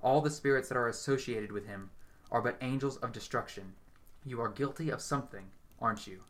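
A man's voice: mid-range voice, fairly quick, natural voice. A man voicing a brash young woman who poses as a psychic, dramatic and commanding as she leads a séance. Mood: stern. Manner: dramatic, commanding, shouts invocations.

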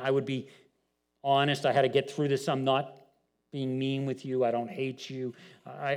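A middle-aged male pastor giving a conversational sermon, often repeating words and rising in pitch when he makes a point. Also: darkish tone.

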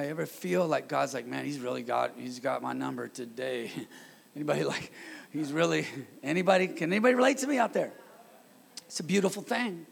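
A man in his thirties preaching a lively sermon in a church, calling on the congregation to answer and repeat after him. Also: mid-range voice, vocal fry, husky. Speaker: pastor. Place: church sanctuary.

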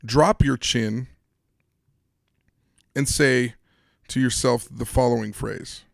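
A man's voice: medium pitch, steady tone, slow, gravelly, dry recording, studio quality. A man hosting a solo motivational podcast, upbeat and speaking straight to his listeners with questions and instructions. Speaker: podcast host.

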